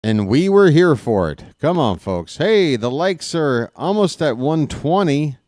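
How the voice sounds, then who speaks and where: A man calling live baseball play-by-play as a partisan fan, growing excitable at big pitches and pleading with viewers between plays. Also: measured pace, no echo, studio quality. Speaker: play-by-play announcer.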